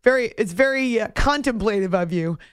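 A woman hosts a late-night sports radio show from a studio, playful and teasing, laughing often and a bit giddy from lack of sleep. Her voice is a little high with lively intonation, a little fast and clean-toned, recorded on a studio mic.

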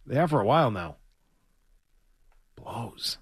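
A man's voice: mid-range voice, big pitch swings, takes it slowly, husky, no room sound. A man hosting sports talk radio, blunt and mocking in his banter.

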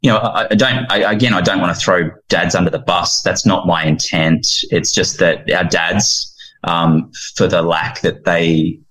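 Earnest low-voiced man telling stories. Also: normal speed, poor audio. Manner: heartfelt, animated when retelling, with many restarts. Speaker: guest, founder of a fathers' ministry. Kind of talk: earnest interview storytelling.

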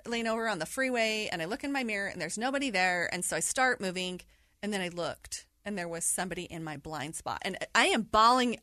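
A middle-aged woman telling a personal story in an interview, animated and laughing through hard memories. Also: medium pitch, no echo, clean studio sound. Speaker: guest sharing her story. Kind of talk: candid interview conversation.

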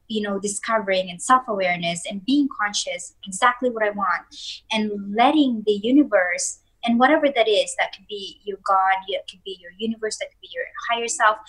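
A woman guest speaking earnestly in a relaxed chat about self-growth, often restarting her sentences. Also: medium pitch, rough recording. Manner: earnest, repeats words when starting sentences. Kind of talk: casual motivational chat.

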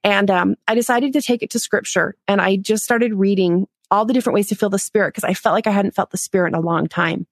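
A woman's voice: medium pitch, steady tone, fast, few pauses, no room sound. Frank, self-mocking woman, dry sound. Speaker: podcast guest. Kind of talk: candid interview storytelling.

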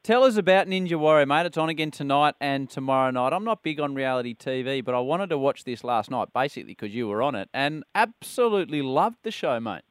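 A man hosting a radio show, lively and matey. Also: mid-range voice, a little fast, hardly any pauses, clean tone, dry recording, studio quality. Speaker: radio host. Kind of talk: casual radio chat.

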